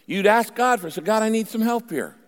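An older man preaching a sermon as a pastor, telling a personal story and swinging between quiet asides and emphatic bursts. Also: high-pitched, lively intonation, fairly quick. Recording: long hall reverb.

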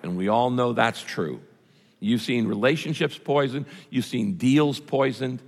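A man's voice: mid-range voice, lively intonation, moderate pace, a bit bright. A man preaching a sermon to a congregation in a church, talking in a conversational way and putting questions to his listeners. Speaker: pastor. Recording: reverberant hall.

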